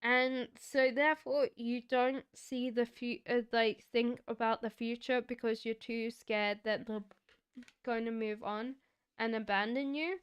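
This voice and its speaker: Slow, clear-voiced woman reading tarot. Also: on the high side, steady tone, no room sound. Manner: slow, reflective, chatty with giggles. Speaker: tarot reader. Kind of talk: live-stream card reading.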